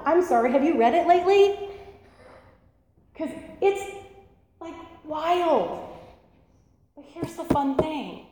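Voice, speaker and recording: A woman teaching an interactive sermon, animated and laughing, asking the audience questions. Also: high voice, moderate pace, pauses often. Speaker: church teacher. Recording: echoey hall, faint room noise.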